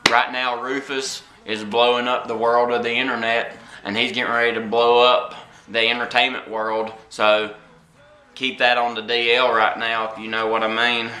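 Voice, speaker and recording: A man doing a comedic vlog monologue to camera, boastful and brash, with drawn-out pauses. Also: medium pitch, little pitch movement, bright, forceful tone, reverberant. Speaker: comedic vlogger.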